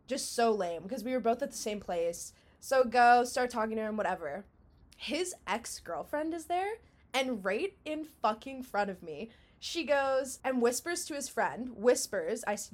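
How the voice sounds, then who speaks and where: A woman's voice: fairly high pitch, lively intonation, normal speed. A young adult woman co-hosting a podcast, telling a story in casual chat, frank and swearing freely. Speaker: podcast co-host.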